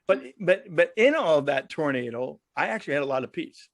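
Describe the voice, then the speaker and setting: A man's voice: fairly high pitch, animated, fairly quick, no echo, clean studio sound. A man guest on a podcast, telling stories in a joking, laughing way. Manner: jokey, laughs often, acts out other people in stories. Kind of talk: casual storytelling interview.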